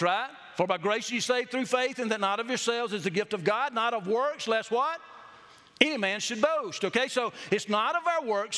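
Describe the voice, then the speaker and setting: A man's voice: extremely high pitch, bright, forceful tone. A male pastor preaching an emphatic sermon, quizzing the congregation with questions as he goes. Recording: long reverb of a hall.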